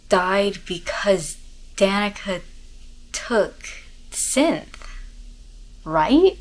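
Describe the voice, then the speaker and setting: A young woman, excitedly rambling about a book to her camera in a casual reading vlog, full of fillers. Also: mid-range voice, rough recording. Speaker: book vlogger. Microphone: camera mic, talking to camera.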